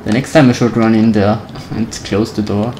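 A gaming video creator giving nervous let's-play commentary on a horror game, talking to themself and humming la-la to stay calm. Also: mid-range voice, normal speed, slight background noise, poor audio. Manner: nervous, talks to self, hums la-la to calm down.

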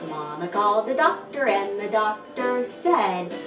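Animated sing-song storytime librarian. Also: female voice, medium pitch, a little slow. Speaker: children's librarian hosting storytime. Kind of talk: children's storytime with songs. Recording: echoey room, distant mic, faint music.

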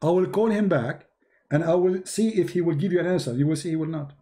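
Hoarse, combative man yelling at a caller. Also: on the high side, quick pace. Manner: shouting, repetitive, combative. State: hoarse, losing his voice. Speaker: livestream debate host. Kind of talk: heated call-in debate.

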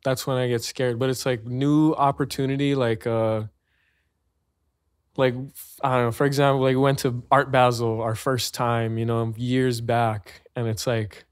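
A man's voice: medium pitch, flat delivery, moderate pace, clean tone, no echo, studio quality. A man from Hawaii with a Hawaiian accent, chatting casually as a podcast guest, laid-back and slangy, laughing often. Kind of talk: casual chat.

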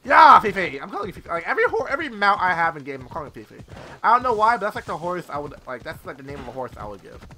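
A young man giving excitable, casual let's-play commentary, with loud outbursts and constant swearing. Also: high voice, rapid-fire. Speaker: gameplay streamer.

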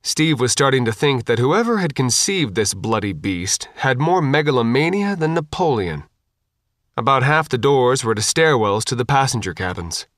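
Brief: male narrator, mid-pitched, measured reading, dry close studio recording. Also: fairly bright tone, no room sound. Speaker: audiobook narrator. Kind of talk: scripted audiobook narration.

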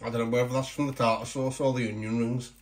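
Throat-clearing man tasting food. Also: medium pitch, fast. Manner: keeps clearing his throat; relaxed, chatty and self-mocking. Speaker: food vlogger. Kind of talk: casual taste-test commentary.

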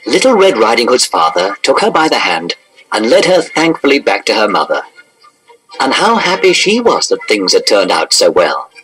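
A man reading a children's storybook aloud in an expressive, animated narration. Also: fairly low pitch, normal speed, soft background music, rough recording.

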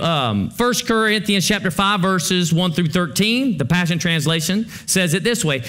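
Speaking conversationally to his congregation, a man delivers a sermon as a pastor, his voice dropping to hushed lows and then climbing into urgent, rising moments.

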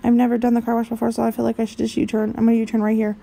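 A woman's voice: on the high side, completely flat delivery, racing, vocal fry, warm tone. A woman vlogger giving goofy, sing-song commentary while playing a driving game. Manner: silly, giggly, sing-song rambling.

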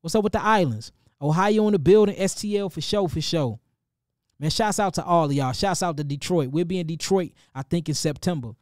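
A middle-aged man with a St. Louis accent hosts a casual livestream, giving animated, preachy shout-outs and calling his listeners family. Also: on the high side, fairly quick, no echo, studio quality. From St. Louis, Missouri. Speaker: livestream host and healer.

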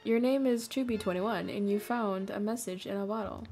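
A woman's voice: mid-range voice, normal speed, dark tone, a little hiss or hum, natural voice. A woman voicing a cheerful, friendly island woman as she reads game dialogue aloud. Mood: welcoming.

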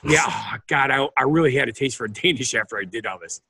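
A man co-hosting a comedy podcast, playful and quick with jokey asides, sometimes stammering as he starts. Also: medium pitch, sharp tone, husky. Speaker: podcast co-host. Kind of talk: casual comedic chat.

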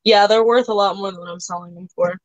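A woman runs a live online sale, talking in a loose, chatty way with many "like"s and "um"s. Her voice sits at an ordinary pitch and sounds close and dry. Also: fairly even intonation, a little fast, no room sound, muffled recording. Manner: chatty, full of "like" and "um" fillers. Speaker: live auction seller. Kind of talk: casual live-stream sales chat.

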